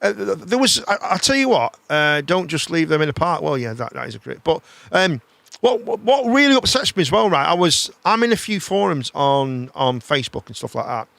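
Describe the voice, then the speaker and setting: A man hosting a live chat show, rambling in a casual, animated way and swearing freely. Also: a little high, brisk, creaky, no room sound.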